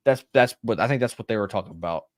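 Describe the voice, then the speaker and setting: A man's voice: lowish voice, expressive, fast, dry recording, clean studio sound. A man from Louisiana co-hosting a casual livestream, rambling through plot recaps and correcting himself as he goes. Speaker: podcast co-host.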